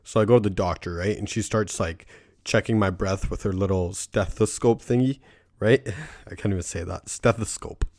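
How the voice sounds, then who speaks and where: A young man hosts his podcast alone in a low, deep-set voice, recorded close and dry with no room sound. He rambles loosely, swears constantly and fills his talk with "like" and "right?". He often laughs at his own stories. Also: fairly quick, darkish tone, no room sound. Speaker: podcast host. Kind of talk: casual solo podcast monologue.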